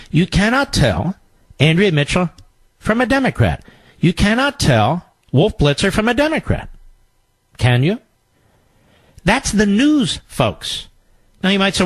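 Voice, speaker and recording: A man's voice: high voice, a bit bright, dry recording, low-quality recording. A middle-aged man hosting a talk radio show, delivering a combative, sarcastic political commentary monologue.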